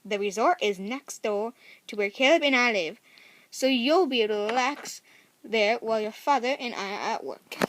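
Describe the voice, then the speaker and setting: A bubbly, gushing fancy woman with a put-on American Southern twang, as a reader voices her. She pitches up high and gushes along. A storybook reading. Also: lively intonation, normal speed, fairly bright tone, slight background noise. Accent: attempted American Southern.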